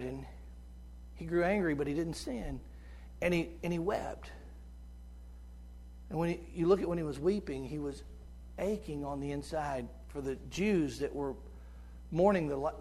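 A middle-aged man with a squeaky tenor voice preaching a sermon as a visiting preacher. He is impassioned and swings between loud urging and hushed tones. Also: slight background noise.

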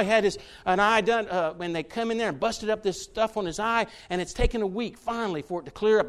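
High-pitched preacher guy, folksy sermon, talks right to the folks in church. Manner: folksy, talks straight to the congregation, builds to shouts.

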